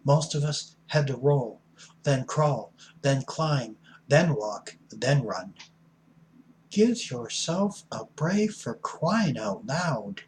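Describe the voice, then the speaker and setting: A man's voice: medium pitch, lively intonation, slow pace, slight background noise. A middle-aged man giving a blunt, folksy recovery talk as an addiction counselor, preachy and punching certain words hard. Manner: blunt, folksy, preachy with sudden loud emphasis.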